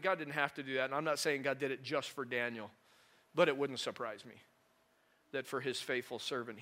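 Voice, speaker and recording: A male pastor preaching a conversational sermon, animated and full of rhetorical questions to the congregation. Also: mid-range voice.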